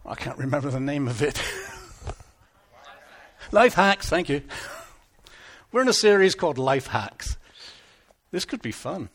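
A pastor tells a Bible story to children in church, keeping them in it with questions. His voice sits high and moves with lively energy. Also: measured pace, long pauses. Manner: animated, asks the children questions.

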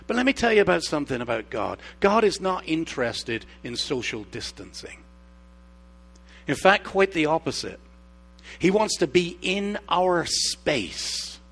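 A middle-aged male pastor preaching a sermon, telling personal stories that swing from hushed, slow emphasis to animated outbursts. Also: a little high, breathy edge. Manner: expressive storyteller, shifts from hushed to animated.

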